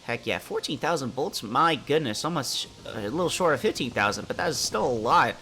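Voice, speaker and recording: A man with a stuffy, congested voice talks through his gameplay in a relaxed, chatty way, explaining each step as he goes. His tone is bright and sharp despite the cold, and faint music plays underneath. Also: medium pitch, brisk. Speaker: gameplay commentator. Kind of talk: casual let's-play commentary.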